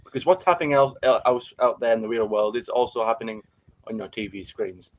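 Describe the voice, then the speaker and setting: A man's voice: mid-range voice, a little fast, poor audio. A man co-hosting a casual podcast discussion, hesitant, repeating words and restarting his sentences. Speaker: podcast co-host.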